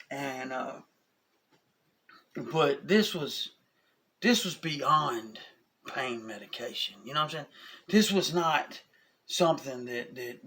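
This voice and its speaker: A man, telling a personal story in a casual, animated way, often asking "you know what I'm saying?". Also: medium pitch. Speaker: vlogger.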